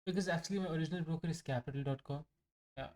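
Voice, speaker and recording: With a slightly high, somewhat mellow voice, a young man races through a live rundown of his day trades. He's casual and rambling, joking around and teasing himself along the way.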